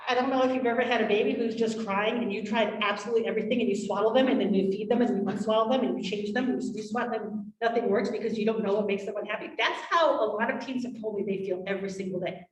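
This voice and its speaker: A woman giving a workshop presentation to parents, lively, acting out quotes from parents and children. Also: fairly high pitch, fast. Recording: roomy, from far off.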